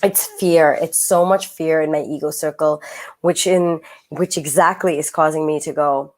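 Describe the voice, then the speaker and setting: Woman co-host, casual chat, low-ish voice, animated and filler-heavy. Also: normal speed. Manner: animated, laughing, lots of "like". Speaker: podcast co-host.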